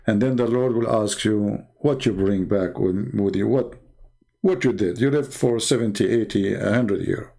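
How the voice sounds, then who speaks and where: Tired gravelly man preaching late at night. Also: fairly low pitch, moderate pace, mellow. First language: Arabic. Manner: emphatic, preachy, non-native grammar. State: tired, voice strained. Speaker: online debate show host. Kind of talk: late-night livestream talk.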